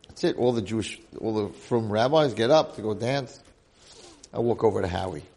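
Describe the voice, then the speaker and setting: An older rabbi in his sixties tells a story to his congregation. His voice is gravelly and somewhat husky. He delivers it with animated energy, swinging between loud and soft. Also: on the low side, moderate pace.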